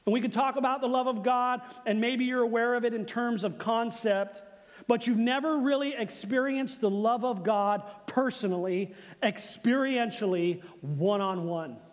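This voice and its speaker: A male pastor preaching a sermon, leading the congregation in call and response and dropping to a hushed, slow delivery on key phrases. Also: extremely high pitch. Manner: slows and softens for emphasis, leads congregation call-and-response. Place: church sanctuary. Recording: long church reverb.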